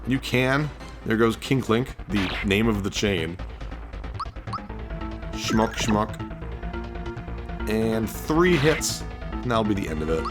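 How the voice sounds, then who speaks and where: A man hosting a let's-play, chatting excitedly through his gameplay and laughing often. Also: lowish voice, measured pace. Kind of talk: gameplay commentary. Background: game music.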